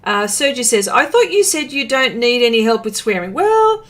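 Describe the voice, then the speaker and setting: A woman's voice: fairly high pitch, animated, brisk, fairly bright tone. An Australian woman hosting a livestream, chatting casually and reading viewer comments aloud with lots of fillers. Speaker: livestream host. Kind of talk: casual chat while painting, reading comments.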